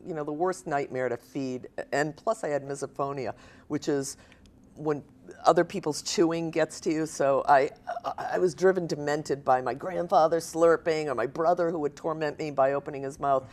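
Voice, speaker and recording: Older woman author in her sixties, low-pitched, animated storyteller at a live reading. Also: normal speed. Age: 60s. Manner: animated storyteller, laughs often. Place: stage at a writers event.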